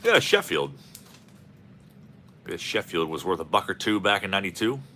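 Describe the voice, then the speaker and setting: A man hosts a card-opening video in a bright, forward voice, his pitch swinging widely as he jokes and rambles. He calls out each player's name as the packs go by, in a casual commentary style. His voice sits on the low side, with a faint ambient hum behind it. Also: very animated, normal speed. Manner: rambling and jokey, calling out player names. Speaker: host of a card-opening channel.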